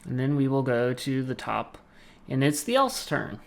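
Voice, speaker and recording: A man with a Southern American accent runs a tabletop game over an online session. His voice sits mid-pitch, and he murmurs quietly while he works the map, then perks up when he talks to the players. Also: normal speed, vocal fry. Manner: relaxed, muttering to himself while moving tokens. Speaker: game master.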